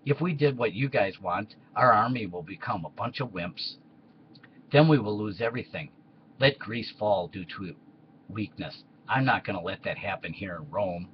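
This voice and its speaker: A man's voice: lowish voice, normal speed, highs cut off, slight background noise, lightly acted. A man voicing Tiberius as a blunt, practical Roman ruler in a comedy skit.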